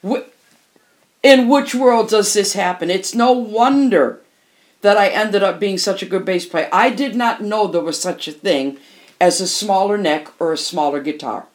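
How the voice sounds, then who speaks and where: A woman's voice: medium pitch, measured pace. Emphatic older woman telling stories. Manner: emphatic, animated storyteller who repeats phrases for emphasis. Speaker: interview guest, musician. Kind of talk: candid storytelling interview.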